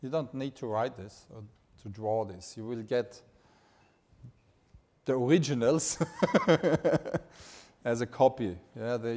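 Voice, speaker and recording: A man's voice: mid-range voice, darkish tone. Enthusiastic Styrian-accented male lecturer. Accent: Styrian Austrian. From Austria. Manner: enthusiastic, informal, joking. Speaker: anatomy lecturer. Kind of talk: live lecture.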